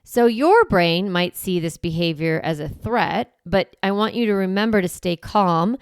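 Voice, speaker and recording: A woman's voice: fairly low pitch, animated, unhurried, clear, resonant tone, dry recording, clean studio sound. A woman podcast host coaching parents in a conversational, encouraging way. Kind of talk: podcast teaching monologue.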